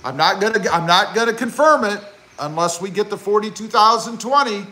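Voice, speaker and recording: A man with a high, bright voice hosts a live stream. He talks casually and excitably, reads viewers' comments aloud and adds chatty asides. His pitch swings widely as he goes. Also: a little fast, rough recording. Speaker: YouTube car channel host.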